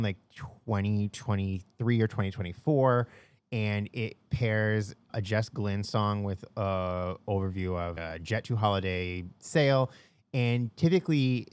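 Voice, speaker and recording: A man's voice: fairly low pitch, dry recording. A young man co-hosting a casual podcast, telling stories in a rambling way with lots of fillers. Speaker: podcast co-host.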